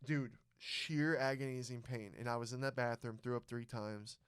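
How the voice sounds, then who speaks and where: A young man hosting a casual podcast, telling a story loudly with plenty of swearing. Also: mid-range voice, moderate pace, clear, resonant tone, no echo, studio quality. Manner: loud, swearing, animated storyteller. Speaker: podcast host. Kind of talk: casual chat.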